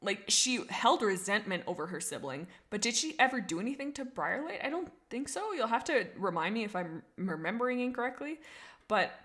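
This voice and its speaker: A young woman in casual livestream chat, thinking out loud and answering her chat. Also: a little high, animated, a little fast. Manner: chatty, reads chat messages aloud, thinks out loud. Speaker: streamer.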